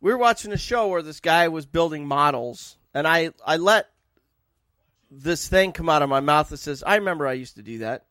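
A man co-hosting a studio talk show, animated and excitable as he tells stories and jokes with his co-host. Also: a little high, moderate pace, no echo. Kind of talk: casual studio banter. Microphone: studio microphone.

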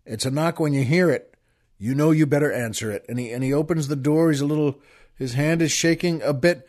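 A man's voice: a little high, a little fast, darkish tone. A man hosting a show, rambling with many restarts as he tells a long joke. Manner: rambling, with frequent restarts and stammers. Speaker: podcast host. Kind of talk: casual chat and joke telling.

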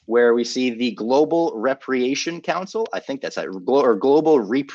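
A man's voice: mid-range voice, expressive, moderate pace, a little mellow, highs cut off. A man co-hosting a casual podcast, reading an ad and then retelling a show loosely, with swearing. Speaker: podcast co-host. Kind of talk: casual podcast chat with ad read.

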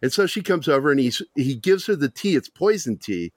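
A man's voice: fairly high pitch, big pitch swings, fairly quick, dry recording, clean studio sound. A man hosting a podcast, telling rambling, profane stories in casual chat and laughing often. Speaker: podcast host.

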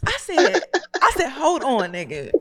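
A woman's voice: high voice, measured pace. A woman co-hosting a podcast, telling a story in casual, profane chat and acting out the other people's voices. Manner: animated, profane, acts out quoted voices.

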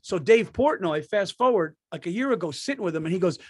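A man telling stories in casual podcast chat, swearing and laughing, slipping into quick impressions. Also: sits high, lively intonation, breathy edge, no echo, clean studio sound. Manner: profane, laughing storyteller doing quick impressions. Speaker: podcast co-host.

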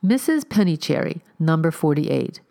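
A woman reading the part of a polite, mysterious young gentleman who speaks quietly and gently, in a low, gravelly voice. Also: big pitch swings, measured pace, heavily acted.

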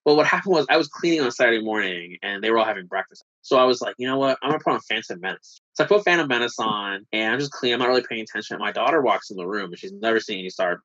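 A man in his thirties, a podcast guest in casual chat, telling stories and acting out quotes with lively energy. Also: fairly low pitch, dry recording. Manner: animated storyteller who acts out quotes. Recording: dull, dry remote recording.

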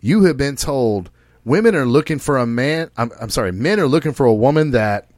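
A man's voice: mid-range voice, lively intonation, brisk, a little mellow, no room sound, clean studio sound. A man hosting a podcast, talking casually in a brash, profane and preachy way, often speaking straight to the listeners. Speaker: podcast host.

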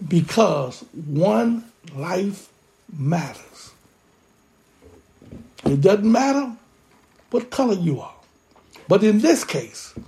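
A pastor preaching a sermon with impassioned, drawn-out emphasis. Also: medium pitch, vocal fry, a little mellow.

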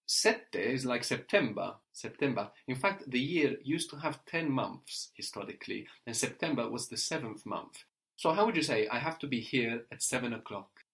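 A male teacher explains step by step in a patient, unhurried way. He often checks in with a questioning "no?" as he guides a learner through a spoken lesson. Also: medium pitch, lively intonation, fairly bright tone. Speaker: language teacher.

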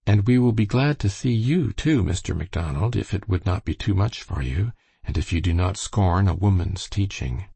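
Kind soft-spoken pastor's wife, man doing the voice, husky. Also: low-pitched, lively intonation, moderate pace, no room sound, full character voice. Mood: kindly. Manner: gentle, kind. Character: kindly middle-aged minister's wife.

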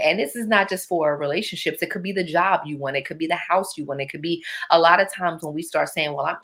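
A woman, in a lower register. She talks to her listeners in a casual, reflective way. She tells her stories with animation and slips into playful voices. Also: a bit bright.

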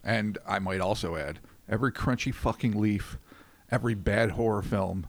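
A man's voice: lowish voice, normal speed. A man co-hosting a podcast, joking playfully and reading out names with mock grandeur. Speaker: podcast co-host. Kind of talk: casual podcast banter.

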